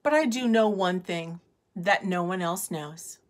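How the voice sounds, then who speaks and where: A woman voicing a calm, clever young princess in a storybook reading, speaking quietly and humbly. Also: fairly low pitch, a little slow, natural voice. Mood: humble quiet.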